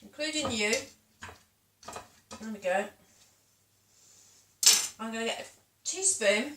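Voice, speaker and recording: A woman's voice: a little high, noisy background. Chatty British woman in an echoey kitchen. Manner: chatty, rambling, talks while eating. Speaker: vlogger. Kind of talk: casual home cooking vlog. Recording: echoey room, voice from a distance.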